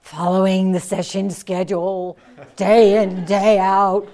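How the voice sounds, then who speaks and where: A woman Zen teacher giving a dharma talk, telling a story slowly and reflectively and acting out the quotes. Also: mid-range voice, level tone, warm tone.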